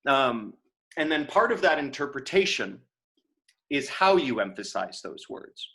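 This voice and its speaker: A man's voice: medium pitch, sing-song, measured pace, sharp tone. An American man lecturing on acting over a video call, talking casually with frequent fillers and restarts. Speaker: acting teacher. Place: home room on a video call. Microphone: video call microphone.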